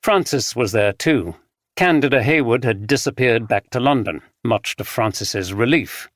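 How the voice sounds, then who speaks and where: Male narrator, audiobook, measured reading, middle pitch, dry close recording. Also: lively intonation, no echo. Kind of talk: scripted narration.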